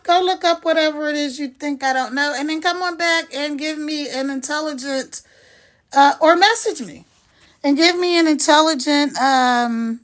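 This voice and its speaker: A high-pitched woman in her sixties talks casually to her live-stream viewers. She is frank and chatty, greeting people by name and answering their comments directly. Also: a bit bright. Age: 60s.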